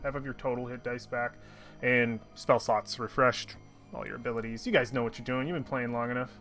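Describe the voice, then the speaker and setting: A man's voice: medium pitch, fairly even intonation, a little fast, a bit bright, soft background music. Hesitant male game master, many ums. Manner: hesitant, many ums while checking notes. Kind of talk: running a tabletop game over voice chat.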